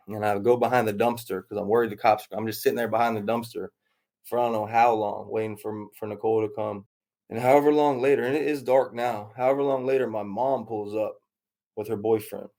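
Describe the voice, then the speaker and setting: Guy in his thirties, lowish warm voice, rambling through his story and acting out what people said. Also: steady tone, fairly quick. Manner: rambling, self-interrupting retelling with quoted dialogue. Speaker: interview guest. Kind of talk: candid storytelling.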